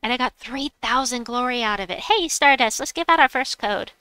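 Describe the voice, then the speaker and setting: A woman's voice: fairly high pitch, expressive, a little fast, sharp tone, smooth, no room sound. A woman hosting a casual gaming livestream, chatty and playful, reading chat aloud and making silly noises. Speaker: livestream host.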